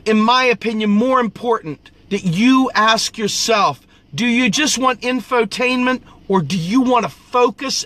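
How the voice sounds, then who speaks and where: With a very high-pitched, sharp-toned voice, a man rants heatedly on his political video channel. The tirade is profane and preachy, with repeated phrases for emphasis and an occasional cough.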